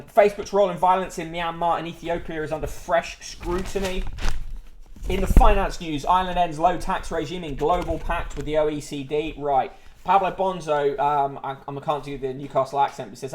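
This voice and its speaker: A man hosting a casual livestream newspaper review, reading headlines aloud with dry asides and plenty of ums. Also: on the high side.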